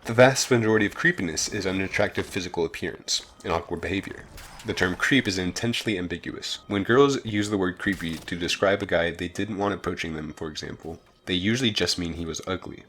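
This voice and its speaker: Very deep-voiced male narrator. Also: quick pace, a bit bright, slight background noise. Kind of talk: scripted narration.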